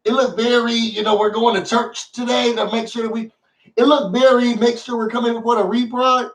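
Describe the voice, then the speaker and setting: A man with a notably high voice runs a casual recap vlog with sassy, theatrical flair, calling out to his viewers. He sits a little back from the mic, so his voice sounds somewhat distant. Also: level tone, fairly quick, a bit bright. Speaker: show recap host.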